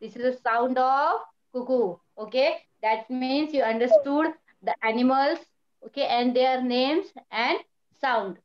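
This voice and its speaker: A woman teacher who speaks slowly and patiently, repeating words for young pupils. Her voice sits fairly high, and the recording is dull and lo-fi. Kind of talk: online primary school lesson.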